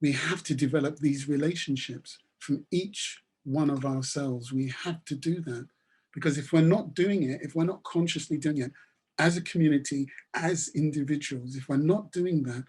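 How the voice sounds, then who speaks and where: A man's voice: a little high, moderate pace, a little mellow, breathy edge. A man giving a webinar talk and telling a story in an emphatic, repetitive manner. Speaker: webinar speaker.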